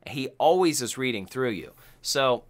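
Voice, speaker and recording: A man hosting a podcast and chatting casually about a film. He is excitable and profane, and he acts out quotes from the film. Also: mid-range voice, normal speed. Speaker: podcast host.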